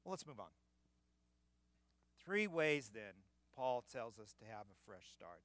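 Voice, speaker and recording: A man preaching a sermon in a church, emphatic and building to loud peaks. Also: mid-range voice, big pitch swings, unhurried, dry recording. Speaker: pastor.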